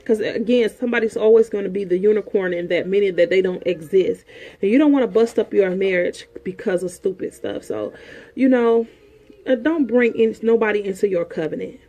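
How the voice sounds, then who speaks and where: A woman's voice: medium pitch, fairly quick, dark tone. A woman counselor giving frank relationship advice in an emphatic, preachy way, repeating her points. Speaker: sexologist and counselor host.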